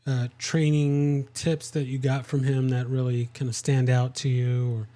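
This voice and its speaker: A man hosting an interview speaks slowly in a flat, even voice. His tone is dark and mellow, and he asks his questions in a relaxed, hesitant way. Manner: low-key, slow questions with hesitations. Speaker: podcast host. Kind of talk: casual interview.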